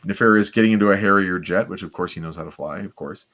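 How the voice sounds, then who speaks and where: Lowish-voiced guy walking through a comic on a podcast, chatty, tosses in quick voices for the characters. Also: fairly bright tone. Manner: recaps the plot, dropping briefly into playful character voices. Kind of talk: casual chat reading comics aloud.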